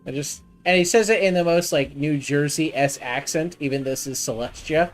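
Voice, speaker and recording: A woman's voice: low-pitched, brisk, faint music behind. A woman streaming a game, chatting casually, swearing and teasing with jokes. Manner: profane, teasing, jokey. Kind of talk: casual gaming stream chat.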